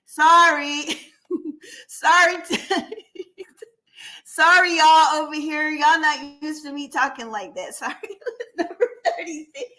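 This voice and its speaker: A woman hosting a live stream in a casual, chatty way. She keeps talking to her viewers as y'all and breaks into excited shouts and laughs. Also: sits high, slow, pauses often. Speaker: livestream host running a giveaway. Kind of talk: casual livestream chat with viewers. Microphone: computer mic on a live stream.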